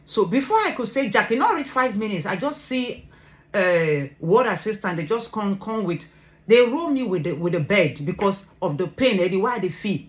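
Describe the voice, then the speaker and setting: A woman's voice: mid-range voice, lively intonation, moderate pace. A Nigerian woman in a vlog, earnestly retelling a personal story with emotion, mixing English and pidgin. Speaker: vlogger sharing her medical story.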